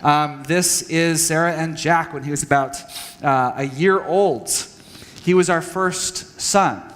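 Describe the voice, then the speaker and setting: A man's voice: fairly high pitch, slow, fairly bright tone. A man from Texas speaking to a church audience, candid and self-deprecating, with many fillers and restarts. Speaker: speaker at a church parenting session. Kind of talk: personal talk to an audience. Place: church hall. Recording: long hall reverb.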